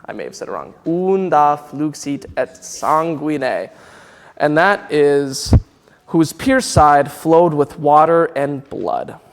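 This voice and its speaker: Slow-speaking choir director in a reverberant hall. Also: male voice, a little high, expressive. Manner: coaching Latin diction, speaking lines for singers to repeat. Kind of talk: choir rehearsal instruction. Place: church rehearsal space. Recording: long reverb of a church hall.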